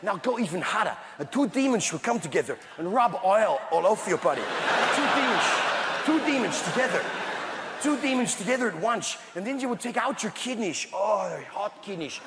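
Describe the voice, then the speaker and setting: A man's voice: high-pitched, lively intonation, a little fast. A man putting on a Dutch accent as a lewd host selling hell as a party weekend, on a stand-up stage. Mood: leering. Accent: Dutch, put on. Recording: echoey theatre, loud audience noise.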